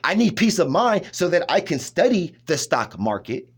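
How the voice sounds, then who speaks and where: A man's voice: fairly high pitch, very animated, moderate pace, husky. A man talking in a rambling personal monologue, emphatic, restarting often and checking in with his listener. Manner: emphatic, keeps asking "you know what I'm saying".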